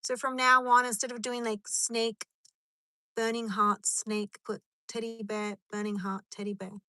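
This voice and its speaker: A woman's voice: on the high side, level tone, measured pace, pushed and bright, a little hiss or hum. A woman chatting on a live stream from her car in a rambling, chatty way, answering comments as they come in. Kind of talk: casual live stream chat.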